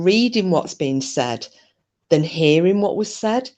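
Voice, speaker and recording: British woman hosting a live stream from home; chatty, jumpy, quick to giggle. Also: lowish voice, expressive, a little mellow. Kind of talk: casual live-stream chat. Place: home sofa.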